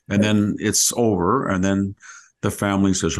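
With a fairly low, flat voice at a moderate pace, this man hosts a podcast full of meandering stories told in easy conversation. He keeps cutting himself off, frequently stopping mid-word.

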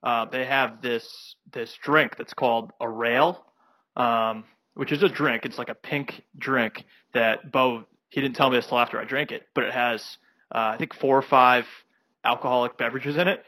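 A man's voice: mid-range voice, sharp tone, no echo, rough recording. A man from South Carolina co-hosting a casual sports podcast, telling rambling stories with many "you know"s and restarts. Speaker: podcast co-host.

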